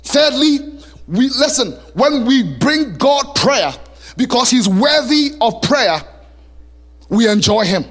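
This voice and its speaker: A male pastor preaching a sermon in a church, animated and lively, now and then singing a line. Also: very high voice, slow. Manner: animated preaching, sings song lyrics and plays voices.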